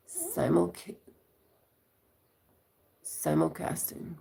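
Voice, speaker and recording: Middle-aged woman, low creaky voice, loose rambling livestream chat host. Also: a little slow, a little mellow. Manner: rambling, chatty, storytelling with quoted voices.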